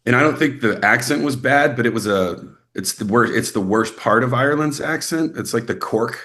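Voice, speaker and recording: A young adult man from Texas, an actor guest in a casual interview, telling animated stories and acting out quoted people. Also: moderate pace, hardly any pauses. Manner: animated storyteller, acts out quotes with rising pitch.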